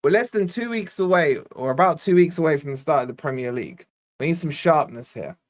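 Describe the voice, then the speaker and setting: With a fairly high, expressive voice and a slightly quick pace, this fan channel host, born in Scotland, runs a live football watch-along. He keeps up loose play-by-play while joking with viewers in chat.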